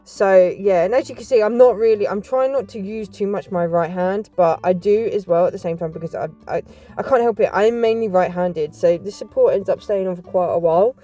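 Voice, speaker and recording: A woman's voice: medium pitch, a little fast, dark tone, soft background music. Rambling, chatty woman vlogger. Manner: rambling, chatty, keeps apologising. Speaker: puzzle vlogger. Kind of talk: casual chat to camera.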